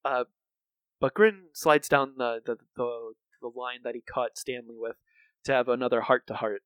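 A man's voice: medium pitch, normal speed, a bit bright, dry recording. A man co-hosting a podcast, recapping a cartoon episode in a rambling, casual way with many fillers and restarts. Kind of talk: casual chat.

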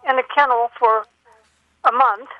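An older woman calling in by telephone, telling a long personal story in an earnest, halting way with many fillers. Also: a little high, fairly even intonation, dry recording. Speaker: caller. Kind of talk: phone-in call. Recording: dull telephone line.

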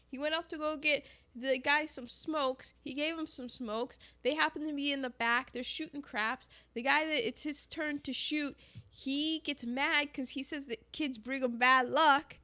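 A high, bright-voiced woman, as a podcast co-host, talks through a film in an animated way. She laughs easily and slips into quick character bits as she retells scenes. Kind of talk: casual movie chat.

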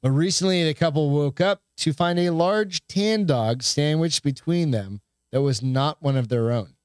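A man's voice: a little high, moderate pace, smooth, no echo, clean studio sound. A man co-hosting a casual podcast, swearing freely and stumbling as he reads a news story aloud. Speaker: podcast co-host. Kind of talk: casual chat.

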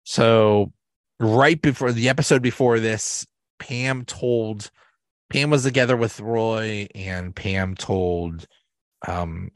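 A man with a fairly low voice talks through a casual solo recap, rambling and restarting as he goes and laughing along the way. The sound is dry and close, with almost no room around him. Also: dry recording. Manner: rambling, halting retelling with many restarts and laughs. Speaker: podcast host.

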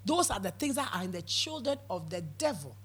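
A woman's voice: medium pitch, big pitch swings, fairly quick, breathy edge. A woman preaching a sermon, emphatic, with frequent amens and repeated words for stress.

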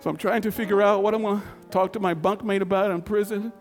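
A man in his fifties tells a personal story in a folksy, conversational way, leaning on dramatic pauses. His voice sits fairly high for a man. A long hall reverb trails his words, with faint music underneath. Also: fairly even intonation.

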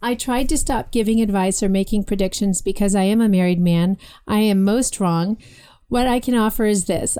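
A woman co-hosting a casual political talk show, chatty and lively, with quick asides and read-aloud comments. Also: mid-range voice, clean tone. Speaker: podcast co-host.

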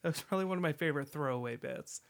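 A man in a casual film review chat, talking in an animated way with frequent fillers and acted-out quotes. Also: on the high side, racing, vocal fry. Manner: animated, lots of fillers, restarts and quoted lines.

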